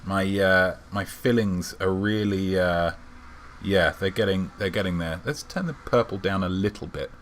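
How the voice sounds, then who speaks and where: A man hosting a live-stream show, chatting with viewers in a playful, mock-grand and deadpan way while reading out their names. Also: low-pitched, normal speed, slight background noise. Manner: reads out viewer names in a running patter. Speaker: livestream host.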